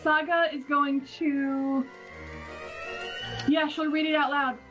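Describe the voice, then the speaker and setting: A woman playing a tabletop game, deliberate and amused. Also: high-pitched, flat delivery, dull audio, music in the background. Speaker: player.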